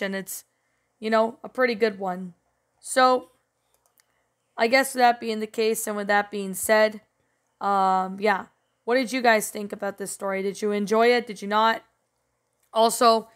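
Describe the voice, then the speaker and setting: A woman hosting a spooky-story channel, giving a rambling casual review, her voice a little rough as if she is sick. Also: medium pitch, fairly even intonation, normal speed. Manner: rambling, leans on "you know" and "um". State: voice rough, sounding a bit sick. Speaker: creepypasta channel host.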